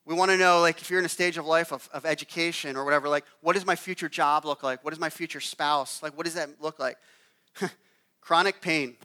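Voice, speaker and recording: A man's voice: a little high, fairly even intonation, a little fast, sharp tone. A man in his thirties preaching a conversational sermon, telling a personal story and often checking in with "okay?". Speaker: pastor.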